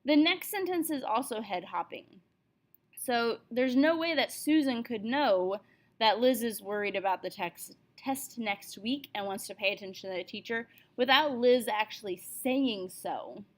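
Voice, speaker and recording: Higher-voiced woman teaching a writing lesson. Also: measured pace. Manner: explanatory, reads example passages aloud.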